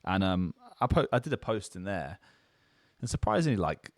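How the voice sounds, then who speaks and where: A man's voice: deep voice, big pitch swings, moderate pace, dry recording. A young man with a southern English accent, co-hosting a casual podcast chat and telling stories in a loose, rambling way full of fillers. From England. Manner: rambling, loose storytelling with many fillers and restarts. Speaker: podcast co-host.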